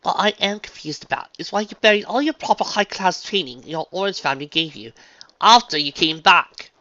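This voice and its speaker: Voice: medium pitch, lively intonation, a little fast, bright, forceful tone, pitched above the performer's own voice. A reader voicing a refined, dramatic unicorn dressmaker mare who talks in a posh, gushing, theatrical way, on a dull lo-fi recording. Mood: persuasive.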